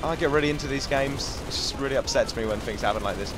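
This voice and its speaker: Soft music plays behind a fast-talking young Englishman whose voice is medium in pitch and a bit bright. As a gaming commentator, he keeps up a chatty, joking let's-play narration and talks back to the enemies in the game.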